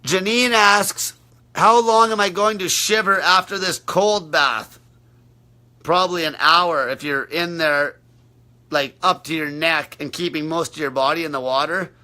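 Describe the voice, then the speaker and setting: A man's voice: a little high, measured pace, sharp tone. A man coaching on a livestream, answering viewer questions in a brash, blunt, profane way.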